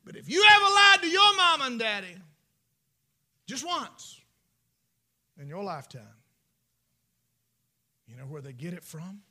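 A man preaching a sermon, folksy storytelling that swings from shouts to whispers. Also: very high voice, big pitch swings, a little slow, pauses often.

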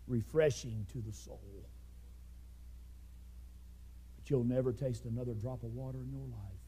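A man preaching a fiery sermon, swinging between loud shouted climaxes and hushed low passages. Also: a little slow, husky.

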